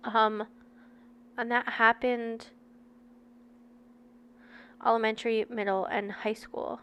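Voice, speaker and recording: A woman's voice: fairly high pitch, little pitch movement, slow, a bit bright, clean tone. A woman in her thirties reading a book aloud and breaking off into candid, chatty personal asides to her viewers. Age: 30s.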